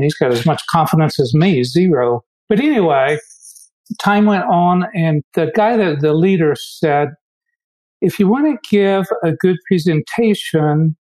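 An American man recounts his own experiences in an earnest, reflective tone. His voice sits a little high for a man, and he often doubles back to restart a sentence. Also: a little mellow, poor audio. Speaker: guest speaker. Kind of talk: personal storytelling.

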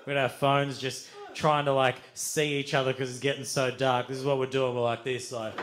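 A man telling a live comedic story on stage, swearing freely and acting out other people with sudden shouted outbursts. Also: medium pitch, level tone, a little fast, a crowd in the background. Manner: swears a lot, acts out voices with shouted outbursts. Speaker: stand-up storyteller. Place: live stage before an audience.

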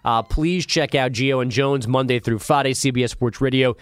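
A man's voice: medium pitch, fairly even intonation, normal speed, clean tone, no echo. A man hosting a podcast, chatting casually in a radio studio with a dry, teasing manner. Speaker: podcast host.

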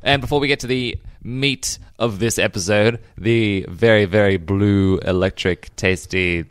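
A man's voice: on the low side, steady tone, unhurried, smooth, no room sound, clean studio sound. A man hosting a podcast, chatting in a playful, teasing, hammy way. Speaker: podcast host. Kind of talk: casual chat.

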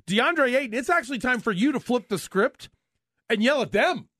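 A man's voice: very high voice, lively intonation, moderate pace, sharp tone, dry recording, clean studio sound. A man co-hosting sports talk radio, opinionated and sarcastic as he breaks down team defense.

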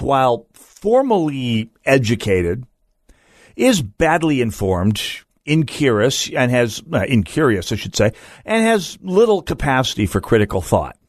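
A man's voice: medium pitch, no echo, studio quality. A man hosting a political talk radio show, delivering a sardonic, mocking monologue with frequent stammered restarts.

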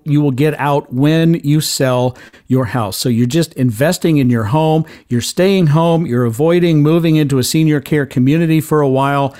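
A man's voice: on the high side, a little mellow. Chatty middle-aged male radio host. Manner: chatty, loose, many fillers and restarts. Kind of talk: casual talk radio advice.

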